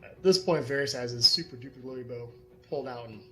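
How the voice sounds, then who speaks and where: A man playing a tabletop game who talks in a playful, lively way. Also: medium pitch, fast talker, soft background music. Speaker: player. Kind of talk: casual tabletop play.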